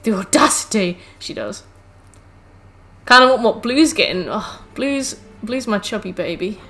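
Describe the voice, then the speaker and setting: At a measured pace, a woman with a higher, fairly bright and expressive voice streams a game from home using a headset mic. It's casual live-stream talk: she chats with her viewers and scolds her cats in between game comments.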